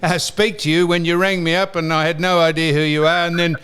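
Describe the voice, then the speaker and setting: A man's voice: on the high side, flat delivery, a little fast, fairly bright tone, clear, resonant tone. Rambling man hosting a podcast. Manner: rambling storyteller with frequent restarts and cursing. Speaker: podcast host. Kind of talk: casual chat.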